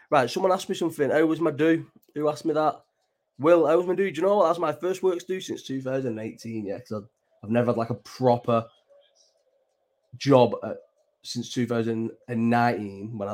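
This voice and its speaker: A man's voice: mid-range voice, darkish tone. A young man from England hosting a late-night livestream, chatting in a loose, sweary, rambling way with many restarts. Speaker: livestream host. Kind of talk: casual chat.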